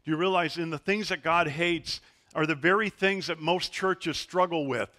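A man's voice: on the high side, moderate pace, bright, forceful tone. A middle-aged man preaching a sermon as a pastor, telling stories with animation and acting out the voices he quotes. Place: church sanctuary.

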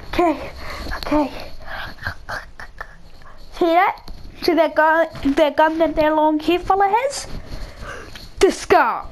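A woman hosting her own gaming channel, talking through a match in a high, bright-pitched voice. She drawls slowly between rambling thoughts and flares into excited shouts. A faint noise sits under the recording. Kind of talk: live gameplay commentary.

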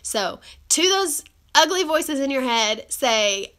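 A woman's voice: high voice, expressive, takes it slowly, a bit bright. A woman with a cold hosting a live stream, talking earnestly and chattily with many fillers. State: has a cold. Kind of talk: encouraging live-stream talk. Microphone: phone or webcam live stream.

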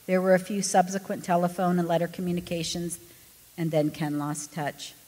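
A woman reading a true story aloud to a congregation, with expressive storytelling. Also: lowish voice, normal speed. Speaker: pastor's wife reading a story. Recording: echoey hall.

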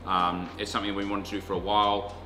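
A man's voice: lowish voice, level tone, quick pace. A man hosting a casual wine livestream chat, reading out viewer comments as he goes. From Australia. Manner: chatty, reads out viewer comments. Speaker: podcast host. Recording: echoey room with faint music.

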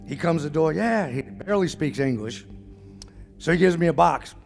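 Man, gravelly voice, fairly high pitch, animated storyteller, acts out each person's lines, faint music behind. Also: normal speed. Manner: animated, acts out the dialogue of the people in his story. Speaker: speaker at a business summit. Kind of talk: storytelling talk to an audience.

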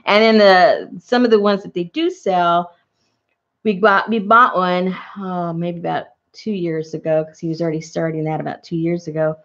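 A woman's voice: lowish voice, steady tone, normal speed, a bit bright, lo-fi sound. A middle-aged woman chatting casually while crafting, rambling through asides and laughing often. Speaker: crafting vlogger.

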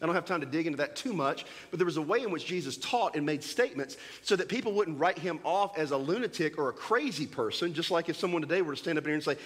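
A man preaching a sermon as pastor, animated and joking, acting out little scenes for his congregation in a church. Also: fairly high pitch, fast talker, few pauses. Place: church sanctuary.

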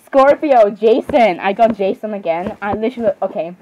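A woman's voice: medium pitch, animated, moderate pace. A young woman chatting casually, rambling and apologizing as she reads out lists and reacts. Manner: rambling, giggly, self-interrupting with frequent apologies. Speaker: fan reading creepypasta zodiac lists. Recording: slightly muffled, faint background hiss.

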